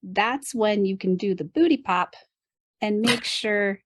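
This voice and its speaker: A dance instructor co-host with a medium-pitched voice speaks at a measured pace, explaining partner technique casually on a dance podcast. She laughs often and adds playful asides. Background noise is audible.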